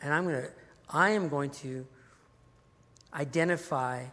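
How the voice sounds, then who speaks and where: Moses renouncing royalty: slow, grave, gravelly , a preacher putting him on, in a reverberant hall. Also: male voice, on the high side, pushed and bright. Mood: resolute. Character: Moses, young man renouncing royal privilege.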